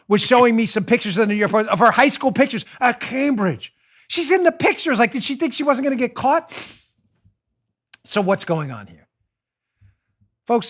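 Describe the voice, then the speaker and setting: A man hosting a political commentary show, talking in an animated, mocking, rant-like way into a studio microphone. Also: high voice. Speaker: show host.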